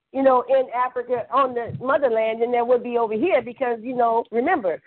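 A woman with a New Orleans accent, a caller talking in a rambling, emphatic, profane way in casual call-in chat. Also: sits high. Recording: tinny phone line.

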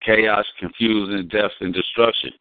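A man's voice: fairly low pitch, fairly even intonation, normal speed, no echo. A man in casual, profane, rambling talk, explaining slang terms and acting out quotes. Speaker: guest. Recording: dry, phone-like sound.

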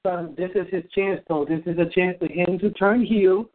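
High-voiced profane man, tinny sound. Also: normal speed. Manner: profane, excitable. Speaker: podcast co-host. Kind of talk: casual chat.

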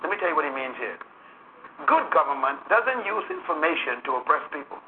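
A man's voice: fairly high pitch, sing-song, brisk. Male pastor, emphatic sermon, tinny lo-fi line with faint hiss. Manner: preaching with rising, emphatic calls to the congregation. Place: church.

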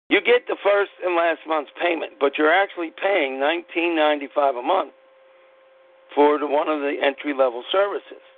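A podcast host with a high, gravelly voice delivers a blunt, preachy, impassioned monologue, swearing casually. The sound is tinny like a phone line, with mains hum.

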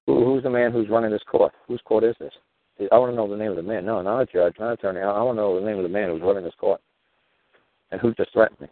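Combative low-voiced man on tinny radio. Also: fast talker, dry recording. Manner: combative, rhetorical questioning. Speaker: show host. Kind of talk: talk radio monologue. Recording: tinny phone-like radio audio.

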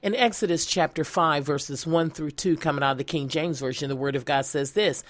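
A woman's voice: low-pitched, moderate pace, hardly any pauses, no echo. A woman pastor preaching a sermon and reading scripture, earnest and emphatic, repeating key phrases. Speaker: pastor and evangelist.

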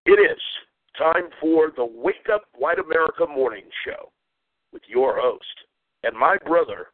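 A man putting on a booming radio announcer over a phone line. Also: expressive, unhurried, no room sound. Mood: grandiose. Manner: grandiose announcer delivery. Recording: tinny phone line, dry.

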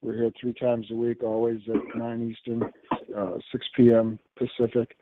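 A man's voice: mid-range voice, monotone, normal speed, noisy background. A man hosting a call-in show, introducing it in an easygoing way. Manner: easygoing, with fillers. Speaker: show host. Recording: tinny phone-line sound.

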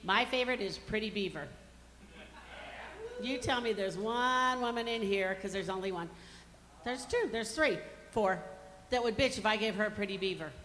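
A woman's voice: mid-range voice, moderate pace, a bit bright. A woman in her fifties from Colorado doing a stand-up comedy routine, with brash, self-mocking punchline delivery on a stage microphone. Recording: reverberant hall, faint background noise.

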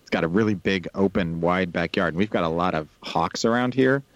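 A man co-hosting a podcast in casual chat, relaxed and chatty, laughing easily. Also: low-pitched, fairly quick, no echo, lo-fi sound. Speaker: podcast co-host.

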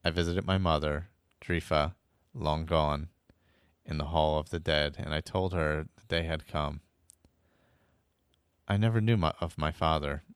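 A man's voice: rumbling low, steady tone, measured pace, long pauses, clean tone, dry recording, studio quality. A man reading as a stern young woman warrior. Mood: earnest. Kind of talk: reading a journal extract in a fan audio story.

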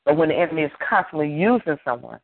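A man's voice: on the high side, animated, quick pace, creaky, dry recording. Fervent male pastor preaching on a tinny line. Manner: emphatic preaching with repeated phrases and call-and-response. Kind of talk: sermon. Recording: tinny phone-like dry sound.

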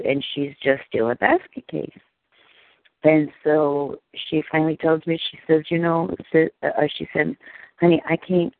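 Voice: medium pitch, vocal fry, no room sound. A caller telling a personal faith testimony in an earnest, rambling way. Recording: tinny phone line, dry.

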